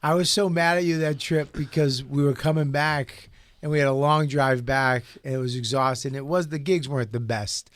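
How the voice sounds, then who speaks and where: A man's voice: mid-range voice, fairly even intonation, moderate pace, no room sound. A man, a comedian, in casual chat, telling stories in a blunt, profane, wry way. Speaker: comedian guest.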